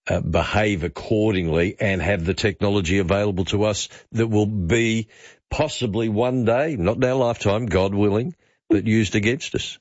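Male talkback host, low register, muffled dry radio sound. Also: moderate pace, no echo.

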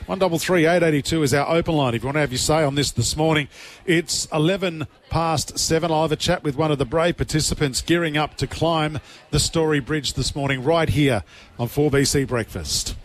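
Australian male talkback host, a touch high-pitched, combative, quips between rants. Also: fairly quick. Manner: blunt, combative, jokey asides. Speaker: breakfast radio host. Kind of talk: talkback radio commentary. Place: radio studio.

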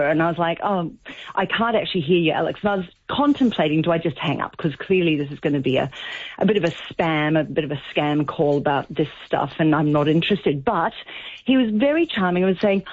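A woman calls in to a radio talk show. She tells her story in a chatty way and acts out the dialogue. Her voice is slightly husky and comes through a tinny, dry phone line. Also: low-pitched, a little fast, no room sound. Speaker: caller.

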